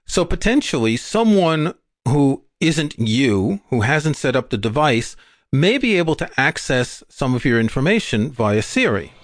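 A man from England talks casually as a podcast co-host, trading quick jokes and asides. His voice sits at a middle pitch. The sound is dry and close, with no room around it. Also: big pitch swings, no room sound. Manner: chatty, joking, quick asides.

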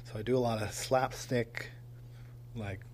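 A man's voice: medium pitch, fairly even intonation, a little slow, darkish tone. A man hosting a casual solo podcast from a home studio, rambling with lots of ums and dry self-mocking humor. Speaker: podcast host. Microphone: mic on a tripod.

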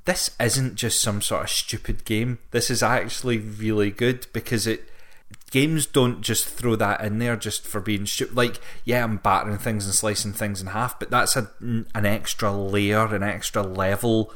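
A man's voice: fairly low pitch, steady tone, measured pace, fairly bright tone. A man co-hosting a podcast, chatting casually in a wry, hesitant way, often correcting himself. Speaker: podcast co-host. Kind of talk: casual chat about retro games.

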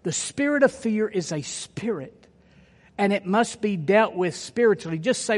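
A man's voice: high-pitched, animated, unhurried. A man preaching a sermon, emphatic and repeating his key phrases for effect. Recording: long hall reverb.

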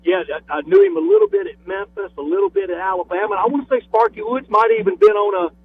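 Calling in to a radio show over a tinny phone line, a Southern US man in his fifties chats casually and with enthusiasm, often repeating his opening words. His voice is high, husky, and very animated with vocal fry, delivered quickly on a dry recording.

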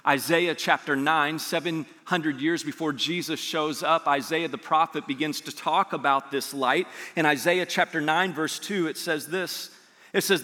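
A man preaching a sermon as a pastor, animated and rising to near-shouts on key lines. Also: a little high, a little slow. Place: church sanctuary. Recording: long hall reverb.

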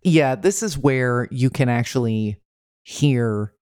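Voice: medium pitch, expressive, slow pace, a little mellow, no echo, clean studio sound. A podcast co-host chatting casually, wry and laughing as they lead the segment. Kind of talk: casual chat.

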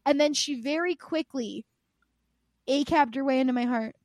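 A woman with a high voice chats casually about games on a podcast. She tells her stories with lively energy and swears freely. The recording sounds dry and close. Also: normal speed, no echo. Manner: animated, profane storytelling. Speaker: podcast co-host. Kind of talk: casual video game chat.

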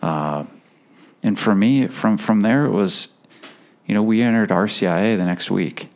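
A man telling an emotional personal faith story as a podcast guest, earnest, laughing softly between phrases, with halting restarts. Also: on the low side.

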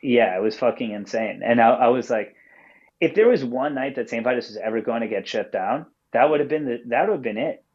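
A man phones in as a podcast guest and tells his story in a loose, rambling way, packed with fillers and casual swearing. His voice sits at an ordinary mid pitch. The call-in audio sounds dull and muffled. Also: lively intonation, fairly quick, darkish tone.

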